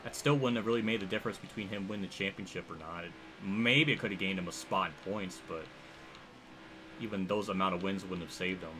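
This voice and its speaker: A young man livestreaming a racing game, rambling and thinking aloud as he reacts loudly to the action on track. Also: low voice, fairly quick, noisy background. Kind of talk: live gameplay commentary.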